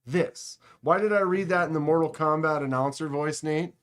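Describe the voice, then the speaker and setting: A man's voice: a little high, a little fast, a bit bright, clean tone. A man hosting a live stream, chatting casually with viewers in a joking, sarcastic way. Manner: joking, sarcastic, talks to chat. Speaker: livestream host. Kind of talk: casual livestream chat.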